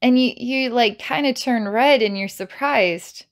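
A woman's voice: fairly high pitch, a little slow. A woman psychic healer narrating a guided healing session, talking playfully with giggles and many filler words.

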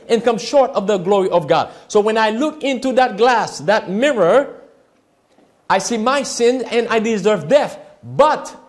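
High, lively male preacher asking questions. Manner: questions the audience often, call-and-response; reads scripture aloud. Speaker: pastor. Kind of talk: sermon.

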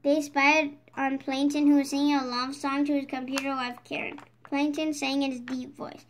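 High-voiced young woman reading a storybook. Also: normal speed, hardly any pauses. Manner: clear, steady read-aloud narration. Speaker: storybook reader. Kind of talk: reading a children's picture book aloud.

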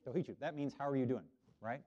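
Speaking a little fast in a mid-range voice, this middle-aged man from Oklahoma leads a warm children's sermon and gets the kids to echo his words. It's a dull, lo-fi capture from the church sanctuary.

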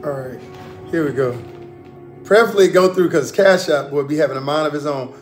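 Male pastor, high and fervent, livestream preaching, roomy sound, music behind. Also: moderate pace. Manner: fervent, repetitive, frequent amens and hallelujahs. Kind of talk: livestreamed preaching and offering appeal.

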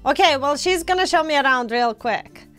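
A woman with a scratchy throat, hosting a casual let's-play chat with excitable squeals. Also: high voice, normal speed, faint music behind. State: scratchy throat, coming down with a cold. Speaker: gaming channel host.

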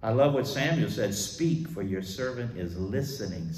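A man preaches a sermon in a church, his pitch rising and falling in lively, animated swings. He surges into loud declarations, then drops to quieter asides. The sound rings in a roomy, echoing hall. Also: normal speed, distant mic. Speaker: pastor. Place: church sanctuary.

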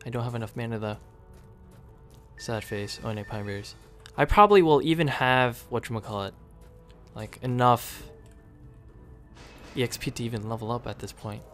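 A gaming video creator with a mid-range voice gives casual commentary over his own gameplay at a moderate pace, pausing often. He's chatty, talks to the screen and coaxes the game units along, with sudden excited outbursts. Faint music plays behind him.

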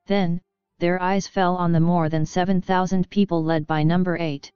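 A woman narrates a web novel in a steady, even storytelling voice. Her voice is low-pitched for a woman and very clean, recorded dry and close. The sound is somewhat dull and lo-fi, with faint music under it. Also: moderate pace, clean tone, dry recording.

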